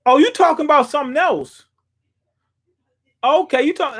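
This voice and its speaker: A young man with a notably high voice rambles through a casual live stream from a small room at home. His talk is loose and profane, full of ums, restarts and asides. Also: big pitch swings, moderate pace, fairly bright tone. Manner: loose, profane, thinking aloud with fillers. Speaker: streamer reacting to a manga chapter.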